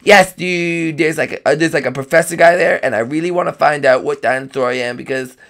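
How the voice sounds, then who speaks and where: A man voicing an excitable young male dinosaur in a comedic game role-play, shouting "dude" in a high, bursting voice. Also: brisk. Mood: excited.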